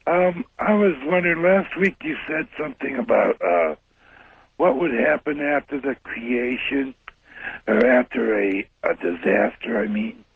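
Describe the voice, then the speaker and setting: A man from Ohio calls into a radio show over a tinny phone line. His voice is very raspy and gravelly, and it swings up and down a lot as he rambles hesitantly through his point. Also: fairly high pitch, sing-song, unhurried, no echo. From Ohio, USA. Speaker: radio caller. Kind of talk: phone-in chat.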